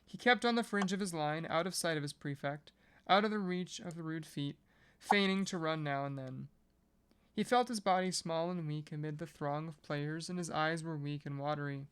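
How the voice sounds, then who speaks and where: A reader reading a classic novel aloud in a smooth, resonant voice. The delivery is measured and steady at a mid pitch, with the occasional casual, joking aside. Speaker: podcast reader.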